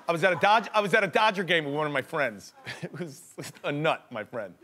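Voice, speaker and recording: Young guy hosting a comedy bit, high bright voice, lots of jokey storytelling, faint crowd behind. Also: fast. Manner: animated, jokey storytelling with laughs. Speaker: comedy show host. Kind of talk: comedic monologue.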